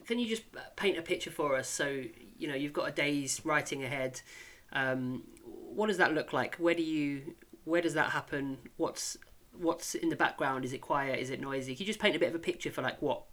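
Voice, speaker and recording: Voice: medium pitch, moderate pace, a bit bright. Podcast host asking probing questions. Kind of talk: casual interview questions.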